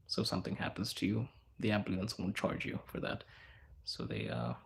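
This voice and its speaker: A man from Zimbabwe hosting a casual livestream, chatting loosely with viewers and answering their questions in a relaxed, slangy, rambling way. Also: on the low side, brisk, creaky, slight background noise. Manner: relaxed, slangy, rambling with fillers and self-corrections. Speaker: livestream host.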